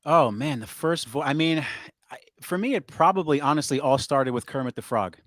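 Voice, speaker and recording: A man, a voice impressionist, being interviewed and explaining his craft in a relaxed way. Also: a little high, moderate pace, dry recording. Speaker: guest voice impressionist. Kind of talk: interview chat.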